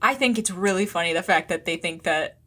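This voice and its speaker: A woman's voice: fairly low pitch, a little fast, fairly bright tone. A woman co-hosting a racing podcast in casual chat, with dry, wry quips. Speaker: podcast co-host.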